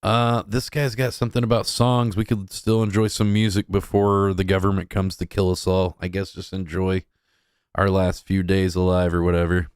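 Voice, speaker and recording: A male streamer with a lowish voice riffs over clips in an offhand, mocking tone. He talks straight to his chat. The sound is dry and close, with no room behind it. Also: little pitch movement, moderate pace, smooth, no room sound. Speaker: livestream host reacting to clips. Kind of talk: casual crude reaction commentary.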